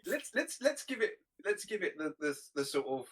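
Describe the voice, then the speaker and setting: A man's voice: high voice, very animated, moderate pace, a bit bright, low-quality recording. A man co-hosting a film review podcast, chuckling often and searching for words in casual chat. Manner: laughs often, hesitant restarts. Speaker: podcast co-host.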